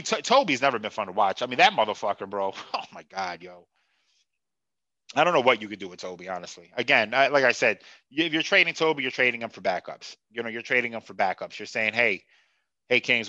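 A man's voice: fairly low pitch, bright, forceful tone, dry recording, dull audio. A man hosting a sports podcast who rants in a profane, sarcastic and heated way. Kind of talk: casual sports rant.

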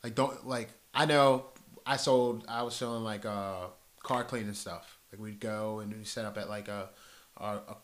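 Bright-voiced dude, chill podcast chat, cussing, telling stories. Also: male voice, lowish voice, steady tone, normal speed. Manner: laid-back, swears freely, tells anecdotes with acted quotes. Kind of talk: casual chat, storytelling.

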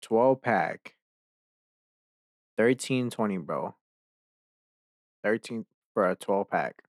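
A young man rants on his podcast, swearing freely and getting fed up. His voice sits a little low and his talk is unhurried. The sound is dry and close, with little room to it. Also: lively intonation, no room sound. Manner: profane, ranting, easily exasperated. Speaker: podcast host. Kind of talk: casual chat.

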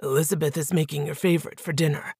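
A woman voicing a calm, matter-of-fact man who watches over the heroine, in a storybook reading. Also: low voice, quick pace, vocal fry, slightly rough, dry recording, clean studio sound, pitched below the performer's own voice, full character voice. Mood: steady. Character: adult man, calm protective minder.

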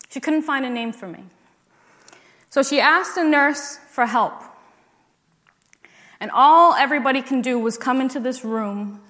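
An earnest woman shares her faith testimony slowly, with a fairly high voice. Her words build to emphatic declarations. A long reverb trails behind her, as in a large hall. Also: fairly bright tone. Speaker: speaker giving a testimony.

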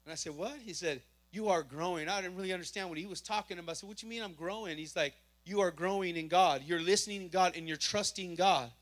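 Animated man telling a church testimony. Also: high-pitched, fast talker, hardly any pauses. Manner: animated storytelling, acting out dialogue. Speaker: testimony speaker.

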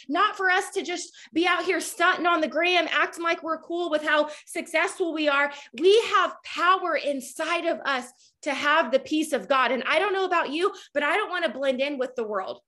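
A woman in her thirties giving a fervent, preachy faith talk to her followers, at times nearly yelling. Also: high voice, normal speed. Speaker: Christian speaker. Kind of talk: impassioned faith talk to a social media audience.

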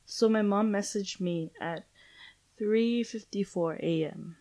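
A woman's voice: mid-range voice, takes it slowly, dark tone. A young adult woman hosting a casual solo podcast, rambling and chatty with lots of fillers and casual swearing. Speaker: podcast host.

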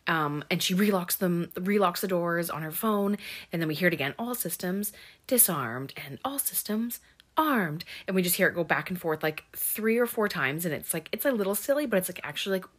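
A woman casually retelling a film plot, full of ums and likes and quick voices for the characters. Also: lowish voice. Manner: chatty, lots of ums and likes; acts out lines in quick voices. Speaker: movie recap host. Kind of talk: casual movie recap.

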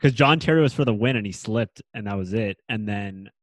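A man's voice: lowish voice, brisk, no room sound. A young man on a casual sports podcast who mostly chimes in with short, easygoing remarks. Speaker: podcast co-host.

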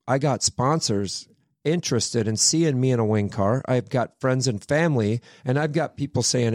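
A man from Minnesota tells racing stories on a podcast with an animated, salty way of talking. His voice sits at an ordinary pitch for a man. It is recorded close and dry on a studio mic, with no room sound. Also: moderate pace, dry recording. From Minnesota, USA. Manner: animated storyteller, swears freely. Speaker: sprint car driver, podcast guest. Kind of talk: casual storytelling chat.

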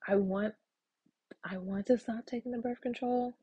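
A woman's voice: fairly high pitch, steady tone, normal speed, warm tone, husky, dry recording, highs cut off. A woman hosting a casual solo podcast, talking frankly with lots of ums and casual swearing. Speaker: podcast host.

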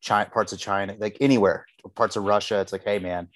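A man's voice: on the low side, level tone, fairly quick, fairly bright tone, no room sound. A man co-hosting a podcast, chatting loosely about a TV episode and swearing freely. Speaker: podcast co-host. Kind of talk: casual chat.

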